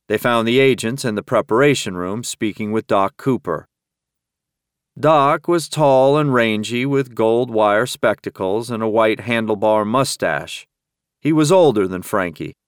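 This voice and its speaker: A man narrating an audiobook in a steady, measured storytelling manner. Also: medium pitch, clean tone, dry recording, studio quality. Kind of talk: scripted narration.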